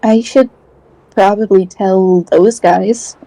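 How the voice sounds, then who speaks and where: A woman's voice: mid-range voice, steady tone, takes it slowly, dark tone, no echo, poor audio. A British woman taking part in a tabletop game, talking in a playful, giggly way. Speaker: player.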